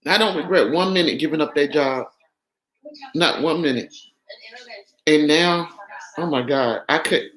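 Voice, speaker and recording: Bright-voiced woman on a livestream, emotional and effusive, in an echoey room. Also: deep voice, measured pace, long pauses. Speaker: livestream guest. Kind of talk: casual livestream chat.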